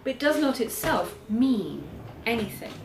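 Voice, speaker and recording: A woman giving an academic lecture on poetry, measured, reading poems aloud slowly, recorded from a distance in a lecture hall. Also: fairly high pitch, very animated, creaky, noisy background. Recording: echoey hall, far from the mic, audience.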